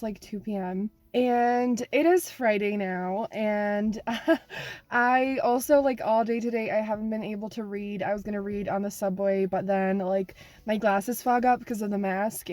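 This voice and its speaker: A woman's voice: mid-range voice, a little mellow. A young woman talking casually about the books she is reading, with many filler words. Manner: chatty, lots of "like" fillers. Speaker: book vlogger. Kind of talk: casual chat.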